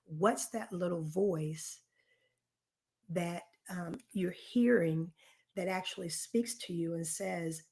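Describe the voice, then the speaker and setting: A woman's voice: on the low side, slow pace, creaky, mellow. A woman hosting a live online self-reflection workshop, talking straight to her participants in an earnest, encouraging way and stressing key phrases. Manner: emphatic, repeats key phrases. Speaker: workshop host.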